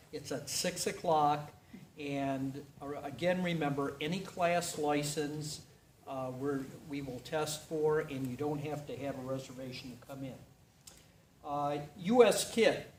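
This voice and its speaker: Man making club announcements in a roomy hall. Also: a little high. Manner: conversational, with frequent filler words. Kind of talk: meeting announcements. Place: meeting room in a building. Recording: roomy and from far off, faint hiss.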